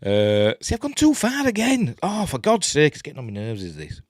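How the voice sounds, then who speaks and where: A man's voice: on the high side, huge pitch swings, brisk, no room sound, clean studio sound. A man with a Yorkshire accent rambling casually through a live film commentary from his webcam. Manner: rambling, chatty, self-interrupting. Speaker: host.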